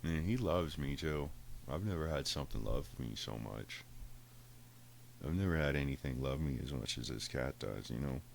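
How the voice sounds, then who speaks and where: A man with a very low voice tells a loose, rambling story on a podcast. He swears freely and keeps the tone casual and conversational. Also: lively intonation, moderate pace, creaky, slight background noise. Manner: profane, rambling, laughing. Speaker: podcast host.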